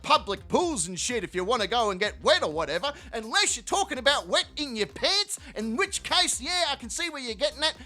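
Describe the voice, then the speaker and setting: Male channel host, profane rambling comic outro, very lively pitch, tense bright tone. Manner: profane, rambling, mock-storytelling. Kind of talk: comedic video outro rant.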